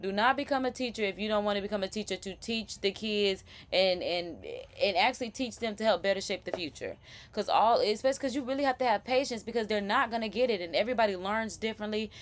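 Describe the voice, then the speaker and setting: A woman's voice: medium pitch, fast. A young woman hosting a casual live chat, chatty and rambling, with laughing asides and many restarts. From Florida. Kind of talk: casual commentary.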